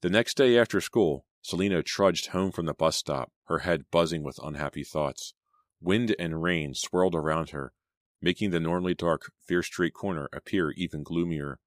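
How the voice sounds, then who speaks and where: A man narrating an audiobook in a measured storytelling manner. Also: sits low, dry recording. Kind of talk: scripted narration. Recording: dry close studio sound.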